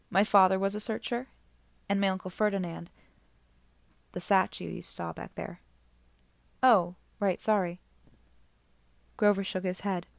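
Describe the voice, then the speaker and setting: A woman's voice: mid-range voice, creaky, no room sound. A woman narrating an audiobook chapter, reading the dialogue without separate character voices.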